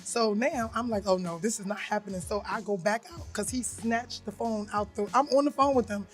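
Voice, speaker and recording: A woman's voice: medium pitch, fairly quick, soft background music. A woman co-hosting a podcast, telling a personal story bluntly in casual chat and acting out the voices she quotes. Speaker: podcast co-host.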